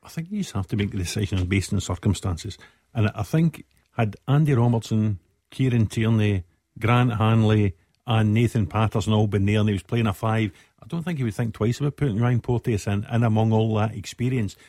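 A man giving measured, explanatory football analysis in a studio discussion. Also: fairly low pitch, dark tone, dry recording. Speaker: football pundit.

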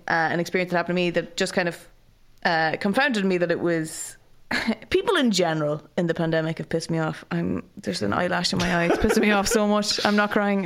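An Irish woman co-hosting a podcast, telling a story in casual chat with plenty of swearing and acted-out quotes. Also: fairly low pitch. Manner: animated storytelling, heavy swearing, acts out quoted voices. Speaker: podcast co-host.

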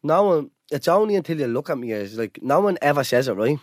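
A man's voice: a little high, sing-song, quick pace, dry recording, clean studio sound. A young Irish man co-hosting a podcast, telling rambling stories in casual banter, laughing often and calling his friends "boys". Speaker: podcast co-host.

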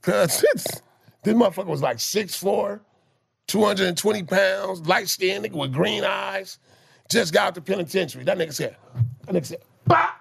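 A man with a very gravelly, husky voice pitched a little high tells rough stories in a casual chat. He talks in profane slang and is animated, often stammering and restarting his sentences. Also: normal speed. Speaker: guest telling life stories.

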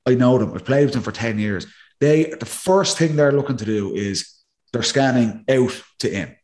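A man's voice: mid-range voice, moderate pace. A man, a former player, analysing a match in casual podcast talk and acting out what players think. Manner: animated, acts out players' thinking.

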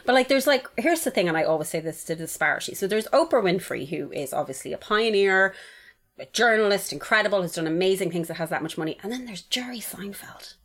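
A woman chats on a podcast at a quick clip, her words tumbling out. She is frank and crude, telling stories with animation and easy humour. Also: on the low side, expressive. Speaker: podcast co-host. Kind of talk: casual chat.

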